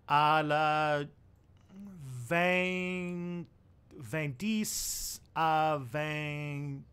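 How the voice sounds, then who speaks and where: His voice a little high, a bit bright, and smooth, a young man runs a casual livestream where he fields viewer questions in a meandering way, full of fillers and restarts as he thinks aloud.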